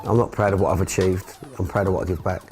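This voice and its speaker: A man's voice: deep voice, flat delivery, fast talker, a little mellow, faint music behind. A middle-aged man from England, a football club owner and manager, speaking emotionally and repeating himself in a candid documentary interview.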